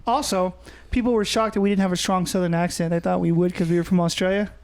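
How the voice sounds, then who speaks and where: A man's voice: high-pitched, fairly even intonation, fast, a little mellow. A man co-hosting a podcast in casual chat, rambling and swearing freely. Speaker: podcast co-host.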